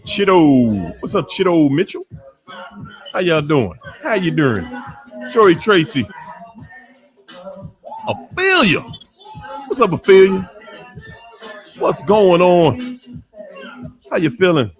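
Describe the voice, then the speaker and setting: Lively, laughing male livestream host. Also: on the high side, takes it slowly, pauses often, faint music behind. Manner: animated, drawls names, laughs often. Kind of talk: casual livestream chat greeting viewers.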